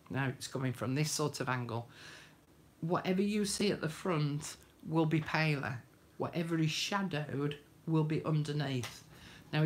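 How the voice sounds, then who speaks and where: A woman's voice: low voice, a little hiss or hum. A woman hosting a live craft demonstration, chatting homely and greeting viewers by name. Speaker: craft tutorial host.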